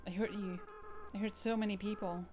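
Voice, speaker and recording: A woman voicing a remorseful young goat monster boy, reading the game's dialogue softly and haltingly. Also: medium pitch, fairly even intonation, lightly acted. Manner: soft, earnest, halting reading. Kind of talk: game dialogue read aloud. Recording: game music underneath. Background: game music.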